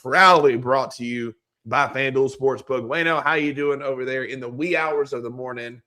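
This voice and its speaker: An American man hosting a sports podcast in a relaxed, chuckling way, his voice scratchy and hoarse because he is losing it. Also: mid-range voice, moderate pace. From United States. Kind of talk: casual sports podcast chat.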